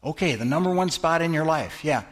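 A man's voice: a little high, animated, a little fast. A middle-aged male pastor giving a conversational sermon in a church, asking the congregation questions and answering them. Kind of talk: interactive sermon teaching.

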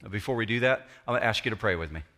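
Bright-voiced pastor preaching a sermon. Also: male voice, on the low side, expressive, rapid-fire. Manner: earnest, explanatory, storytelling. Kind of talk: sermon with prayer. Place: church auditorium.

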